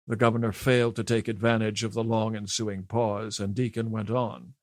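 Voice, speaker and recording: A man's voice: lowish voice, little pitch movement, moderate pace, hardly any pauses, no echo, studio quality. Man narrating an audiobook. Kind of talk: scripted narration.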